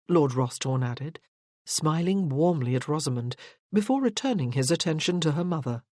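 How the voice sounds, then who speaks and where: Measured audiobook narrator, dry sound. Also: mid-range voice, dry recording. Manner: even, measured reading. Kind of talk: audiobook narration of a period romance.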